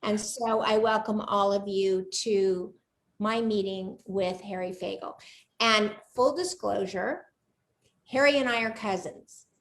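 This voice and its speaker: A woman's voice: mid-range voice, slow. A woman in her sixties hosting a live online chat show over a video call, bubbly and chatty, laughing often. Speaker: host of a live cooking show interview.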